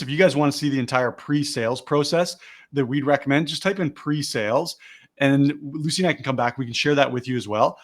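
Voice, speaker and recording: A man leading a live online sales lesson on a video call, explaining each step and then acting out the phrasing he recommends. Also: on the high side. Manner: explains steps, then models the lines he teaches.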